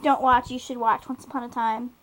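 Her voice is fairly high with little pitch movement, and she speaks fairly quickly on low-quality audio. This young adult woman co-hosts a laid-back TV podcast, chatting through an episode recap in a rambling, giggly way full of fillers.

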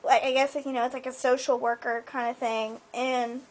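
A high-voiced woman talks through a TV episode in a loose, rambling recap. She fills her sentences with "like" and "um" as she goes. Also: flat delivery, a little fast. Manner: chatty, full of fillers like "like" and "um". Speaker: show recapper.

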